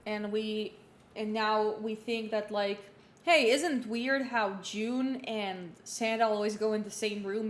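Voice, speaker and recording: A young woman streams from home, talking loosely with lots of fillers and restarts. Her mid-pitched voice has a roomy echo, and a faint hum sits under it. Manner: rambling, many fillers and restarts. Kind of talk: casual livestream chat while playing.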